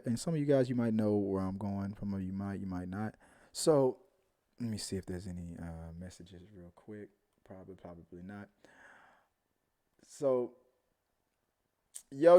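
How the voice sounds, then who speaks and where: A man's voice: mid-range voice, darkish tone. A man hosting a live movie talk stream, chatting casually with viewers and telling a rambling story.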